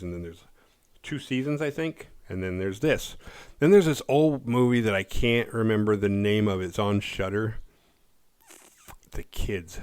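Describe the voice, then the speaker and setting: A man in his forties hosting a horror movie review show, recapping a film in a rambling, offhand way and swearing freely. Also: fairly low pitch.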